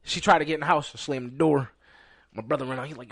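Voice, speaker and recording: A man hosting a podcast, telling a story in a casual, profane, animated way and loudly acting out what people said. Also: on the high side, fast, gravelly, no echo, studio quality. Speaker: podcast host.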